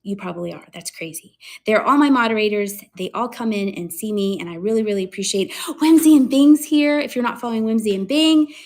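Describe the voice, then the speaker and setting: A woman hosting a casual live-stream sale, chatting excitedly about her finds and laughing often. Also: fairly high pitch, a little fast, few pauses. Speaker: live online seller showing thrift finds.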